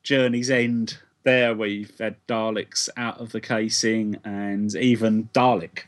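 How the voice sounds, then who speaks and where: A man's voice: fairly low pitch, level tone, slow pace. A British man co-hosting a podcast, casually picking apart a plot and asking questions. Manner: analytical, questioning. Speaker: podcast co-host. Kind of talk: casual review chat.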